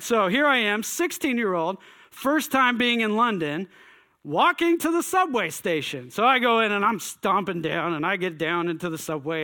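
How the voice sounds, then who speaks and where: A man telling a personal story in an animated way, acting out his own thoughts with exclamations. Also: sits high.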